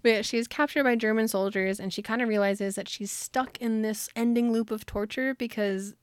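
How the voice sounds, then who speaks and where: A woman co-hosting a casual book discussion, retelling the plot with lots of laughter and quick quoted voices for the characters. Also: fairly high pitch, clear, resonant tone, no echo. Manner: animated storytelling, quotes characters in put-on voices, laughs often. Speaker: podcast co-host.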